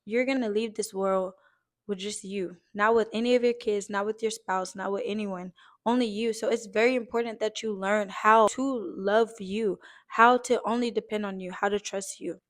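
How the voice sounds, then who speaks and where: A woman's voice: mid-range voice, fairly even intonation, normal speed. Earnest young woman, tearful encouragement. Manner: earnest, emotional, on the verge of tears; casual, uses fillers like "like" and swears lightly. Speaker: vlogger. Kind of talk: heartfelt encouraging vlog talk.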